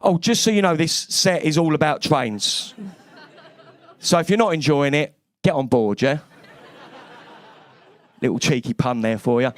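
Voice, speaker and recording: A man's voice: fairly high pitch, unhurried, pauses often. A man from East London with a London accent, doing a brash, cheeky stand-up comedy set on a club stage with lots of swearing.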